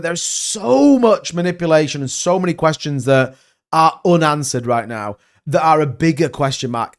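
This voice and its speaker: A man giving casual crypto market commentary, animated and emphatic, rambling from point to point. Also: on the high side.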